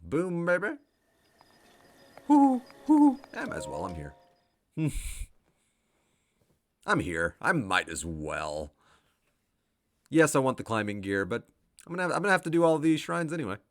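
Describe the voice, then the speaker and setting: A man's voice: on the low side, big pitch swings, normal speed, pauses often, a bit bright. A man giving casual let's play commentary who thinks aloud, laughs often and swears freely. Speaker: game streamer.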